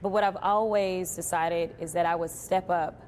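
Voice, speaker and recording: A woman's voice: lowish voice, steady tone, moderate pace, darkish tone, a little hiss or hum. Composed woman answering in an interview. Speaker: politician being interviewed.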